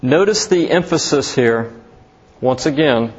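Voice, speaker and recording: A man preaching a sermon as pastor, slow and emphatic, lifting his voice on key words. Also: mid-range voice, expressive, husky, dull audio.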